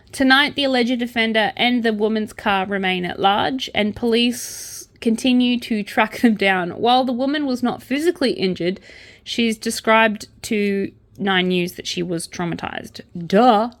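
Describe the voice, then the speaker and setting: A woman's voice: fairly high pitch, a little slow. A young adult woman with an Australian accent, reading crime news aloud and breaking off for sarcastic asides. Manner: sarcastic asides between read-out news items.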